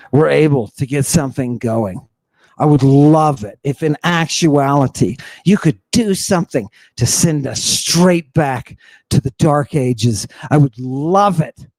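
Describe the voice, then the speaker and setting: A man's voice: a little high, darkish tone, no echo. Man, podcast host, fervent lecture-style monologue, sardonic, rhetorical questions, dry close sound. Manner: mocks opponents with exaggerated put-on voices.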